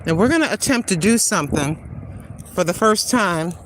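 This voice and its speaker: An older woman hosts a casual livestream while walking down a street outdoors, chatty and rambling, often laughing as she digresses. Her voice is lowish and animated at normal speed, with a little hiss or hum in the audio.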